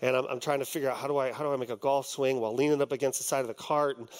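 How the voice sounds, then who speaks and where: A man's voice: medium pitch, fairly even intonation, very fast. A male pastor delivering a sermon, telling a personal story in a conversational way with many ums and restarts. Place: on a stage before a congregation.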